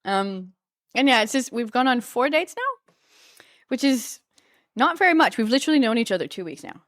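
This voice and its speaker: Female guest, dry close sound, animated storyteller with a casual, profane style. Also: on the high side, normal speed, dry recording. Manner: animated storyteller, swears, giggles often. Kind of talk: casual chat.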